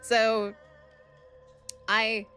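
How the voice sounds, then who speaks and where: A young woman streamer chatting casually with her viewers, bubbly and excitable, openly nervous and thrilled. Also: extremely slow, faint music behind. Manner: bubbly, excitable, swings high on greetings. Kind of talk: casual live-stream chat, greeting chat.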